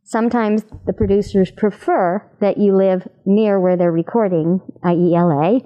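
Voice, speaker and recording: A woman voice actor in an animated interview chat, demonstrating voices as she explains her craft. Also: mid-range voice, moderate pace, muffled recording.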